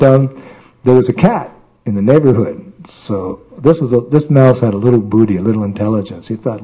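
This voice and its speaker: A man preaching a storytelling sermon, lively as he tells a tale and does voices for its characters. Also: medium pitch, brisk, breathy edge, rough recording.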